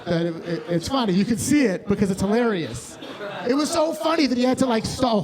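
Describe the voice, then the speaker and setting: A stand-up comedian with a high-pitched, expressive voice performs a live set on a bar stage at a moderate pace. He rambles crudely and keeps cutting himself off mid-sentence, with crowd noise and audience laughter around him.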